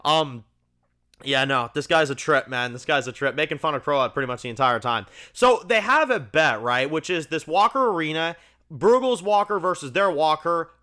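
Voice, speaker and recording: Bright-voiced man rambling about a TV episode. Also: a little high, animated, moderate pace. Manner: rambling and enthusiastic, heavy on "like" and "you know". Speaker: TV review channel host. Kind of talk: casual spoken episode review.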